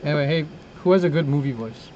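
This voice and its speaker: Over a video call, a male podcast co-host with a slightly high voice talks fast in a loose, casual chat, swearing now and then. The lo-fi call audio has clear background noise.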